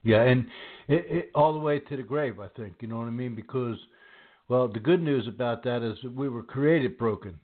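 A man's voice: medium pitch, moderate pace. A man in his sixties hosting a faith interview, talking in a rambling way and repeating his words as he goes. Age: 60s. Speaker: host. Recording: tinny phone-like line.

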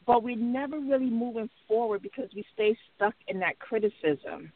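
A woman writer co-hosting a casual talk, speaking reflectively with frequent pauses and fillers. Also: on the high side, no room sound. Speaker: writer and podcast co-host. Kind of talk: casual conversation. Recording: tinny phone-line sound.

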